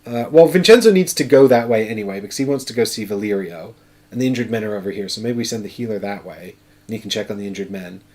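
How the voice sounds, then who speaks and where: A man's voice: fairly low pitch, quick pace, darkish tone. A man hosting a casual solo board game playthrough, chatty and thinking aloud as he counts out moves. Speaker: board game player and show host.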